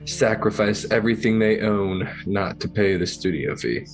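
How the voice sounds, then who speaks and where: A man playing a tabletop game, speaking in a calm, soothing manner. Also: lowish voice, normal speed, faint music behind, low-quality recording. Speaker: player. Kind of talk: in-character role-play.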